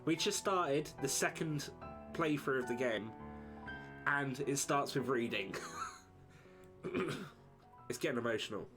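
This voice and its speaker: A man's voice: mid-range voice, unhurried, pauses often. A man streaming a game, reading its story text aloud and chatting casually with viewers. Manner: steady reading, casual asides to chat. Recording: voice over game music.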